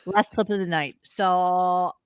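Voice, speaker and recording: A man's voice: high voice, fairly even intonation, slow pace, clear, resonant tone, no room sound, clean studio sound. A man co-hosting a podcast, chatting casually and crudely, joking and riffing on radio clips. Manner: crude, joking, playful riffs. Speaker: podcast co-host.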